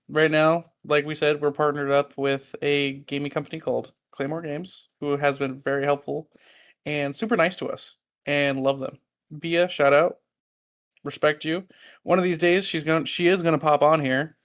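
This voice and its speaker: A man's voice: a little high, a bit bright, smooth. A man hosting a casual podcast chat, talking loosely and swearing freely. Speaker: host and server owner.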